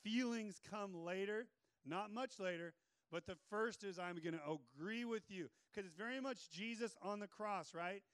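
A male pastor preaching a sermon in an energetic, joking way with playful asides. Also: high-pitched, normal speed, clean tone, no echo.

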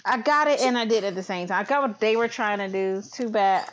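A woman's voice: medium pitch, a little fast. A woman co-hosting a casual podcast, making wry, joking asides. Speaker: podcast co-host. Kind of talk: casual chat.

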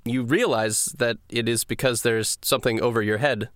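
A man narrating a tabletop game as game master, hesitant, often restarting and jumping in pitch. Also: moderate pace, no echo, clean studio sound. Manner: hesitant, many fillers and restarts, animated pitch jumps.

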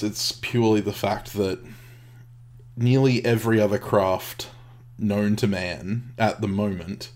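A man's voice: fairly low pitch, darkish tone. A man co-hosting a craft podcast in casual chat, rambling with many restarts and frequent laughter. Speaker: podcast co-host.

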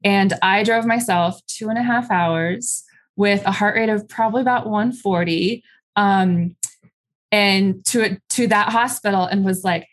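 Young adult woman, interview guest, candid and halting personal storytelling. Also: mid-range voice. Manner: candid, halting, many fillers. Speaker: guest telling her story.

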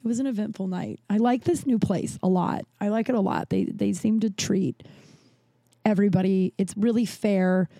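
Chatty woman, mellow dry voice. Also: medium pitch, normal speed, dry recording. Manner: rambling, restarts, acts out quoted dialogue. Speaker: podcast host. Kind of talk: casual storytelling chat.

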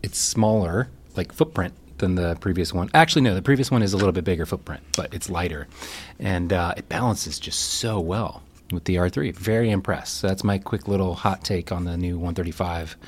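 A man's voice: low-pitched, fairly quick, slightly rough. A man co-hosting a podcast in casual chat, thinking aloud with fillers into a close mic. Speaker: podcast co-host.

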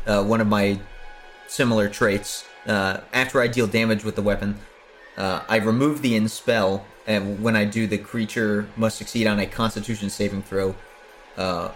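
Fairly low-voiced man playing a tabletop game. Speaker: player. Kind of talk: casual tabletop game play.

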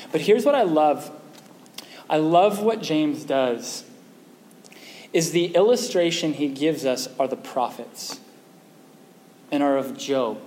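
A male pastor preaches a sermon conversationally, frequently putting questions to the congregation. His voice is on the high side and a little mellow, recorded in an echoey hall with faint noise.

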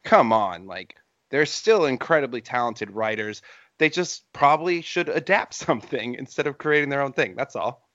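A man co-hosting a podcast in casual chat, talking in an animated, ranting way. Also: medium pitch, normal speed, no echo, lo-fi sound. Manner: animated, ranting with rising emphasis. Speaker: podcast co-host.

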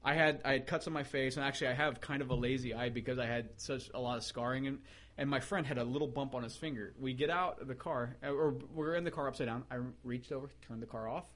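A man in the middle of a lively, casual story, with a pitch sitting in the ordinary middle range. He acts out the people in his story and laughs as he goes. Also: fast. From United States. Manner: animated storyteller, acts out quotes, laughs often. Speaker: podcast guest, race car builder.

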